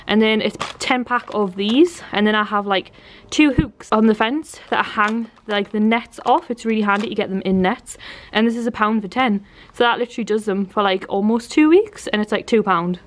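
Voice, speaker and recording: A young woman, talking casually to her camera at home in a rambling, chatty way. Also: medium pitch. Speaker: vlogger. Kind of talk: casual home vlog chat. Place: at home, indoors.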